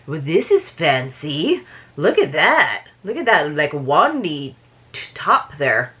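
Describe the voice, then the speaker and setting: A woman's voice: low voice, very animated, slow pace, bright, forceful tone. A woman vlogger in a casual unboxing chat, talking in chatty, rambling asides.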